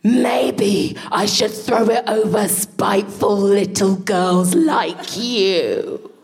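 A man's voice: sits high, normal speed, vocal fry, soft background music. A woman voicing a stern, sarcastic male schoolteacher who talks in a cold, clipped, mock-polite way. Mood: cutting.

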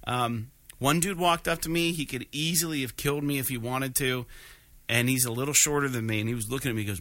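Man, podcast host, bright voice, dry close sound, rambling casual storytelling. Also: mid-range voice, fast talker, no room sound. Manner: animated, rambling with many fillers.

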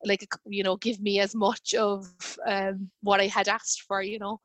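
A woman's voice: medium pitch, level tone, moderate pace, fairly bright tone, dry recording. A woman in her thirties telling a personal story in casual conversation, with lots of fillers and quoted dialogue.

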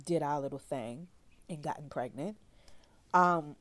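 A woman therapist tells her own story in a frank, animated, slangy voice. Her voice sits a little low for a woman. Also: a little slow. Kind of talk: candid personal storytelling.

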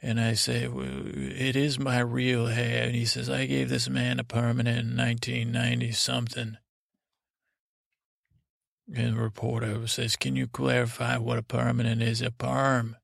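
A man with a gravelly voice drifts through a rambling bedtime story, circling back on himself with restarts and trailing asides. His delivery stays flat and even, and the sound is dry and close. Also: no echo. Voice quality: gravelly, low-key drone. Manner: meandering, halting, with many restarts and trailing asides. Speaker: sleep podcast host.

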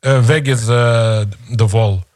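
A man's voice: medium pitch, fairly even intonation, takes it slowly, a little mellow, dry recording, studio quality. A man co-hosting a playful comedic podcast, teasing his partner and hesitating with lots of fillers. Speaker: podcast co-host.

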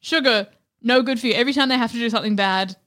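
A woman's voice: fairly high pitch, racing, a bit bright. A woman co-hosting a casual comedy chat, playfully working through ideas with acted-out asides.

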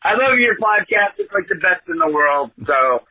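A man's voice: high voice, big pitch swings, moderate pace, sharp tone, rough recording. A man from Oregon leaving a rambling, teasing voicemail for a podcast. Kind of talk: joking voicemail.

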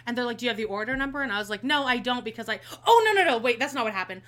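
A woman tells a story in relaxed conversation. Her voice is bright and pitched a little high, and she acts out each quote with lively energy while cursing freely. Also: very fast. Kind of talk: casual chat.

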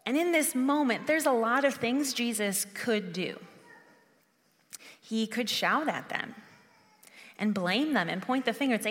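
Woman preacher, earnest and conversational, fairly high voice, reverberant hall. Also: lively intonation, unhurried, long pauses. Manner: earnest, conversational, with frequent restarts. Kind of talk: sermon.

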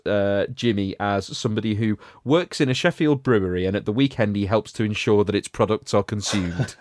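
Man, podcast host, low voice, dry close sound, sardonic rambling chat. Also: a little mellow, dry recording. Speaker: podcast host reviewing a film. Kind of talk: casual chat.

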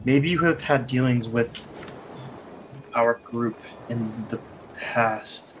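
A man's voice: medium pitch, takes it slowly, fairly bright tone, slight background noise, poor audio. A man voicing a polite, diplomatic female adventurer, speaking in his own voice. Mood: placating.

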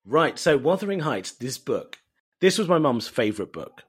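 Animated man telling stories with a laugh. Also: medium pitch, moderate pace, breathy edge. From East London, England. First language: Bengali. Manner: animated storytelling, laughs often, self-mocking. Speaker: guest. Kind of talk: casual podcast interview.

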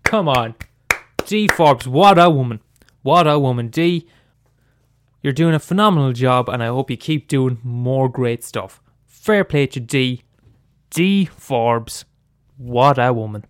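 A man's voice: medium pitch, lively intonation, takes it slowly, no echo, studio quality. A man giving a rambling, casual comic monologue full of fillers and ironic gushing. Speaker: sketch comedian.

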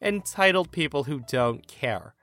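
A man narrating online stories aloud to his listeners, expressive and emphatic, often calling them guys. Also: fairly high pitch, unhurried, faint music behind. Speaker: story narrator.

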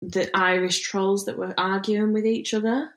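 A woman's voice: mid-range voice, flat delivery, moderate pace, rough recording. A woman co-hosting a podcast, chatting casually, rambling and laughing a lot, with a self-admitted mumble and casual swearing. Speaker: podcast co-host. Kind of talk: casual chat.

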